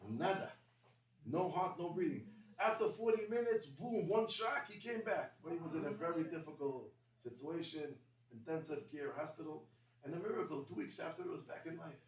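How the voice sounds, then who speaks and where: Rabbi storyteller: fast, broken English, distant, echoey room, faint room noise. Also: male voice, fairly high pitch. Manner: quick, animated, broken English. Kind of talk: storytelling talk to a congregation.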